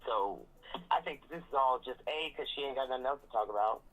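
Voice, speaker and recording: A woman in a casual recap chat about a reality show, sassy and animated, slipping into mocking impressions. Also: very deep voice, brisk, narrow, tinny audio. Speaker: reality TV commentator.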